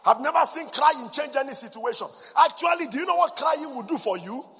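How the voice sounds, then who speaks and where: A man preaching a fiery sermon, shouting and chanting repeated declarations and prayers. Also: extremely high pitch, animated, fairly quick, long reverb tail.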